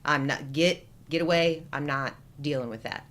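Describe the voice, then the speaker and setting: Woman doing a nervous hillbilly neighbor, low voice, brushing you off quick. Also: a bit bright. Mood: dismissive. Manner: curt, hurried refusal. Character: gruff scared country man, refusing help.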